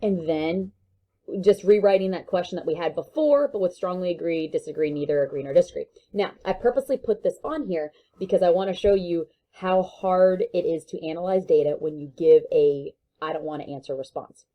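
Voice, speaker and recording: A woman's voice: on the low side, animated, brisk, warm tone. A woman teacher giving a recorded online lesson, talking in a casual, joking way with many fillers.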